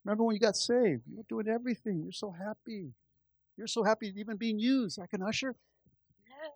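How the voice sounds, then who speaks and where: A man's voice: high-pitched, fairly quick, a little mellow, breathy edge, dry recording. A man pastor preaching a conversational sermon, calling out to the church and building to impassioned stretches. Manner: impassioned, rising in volume.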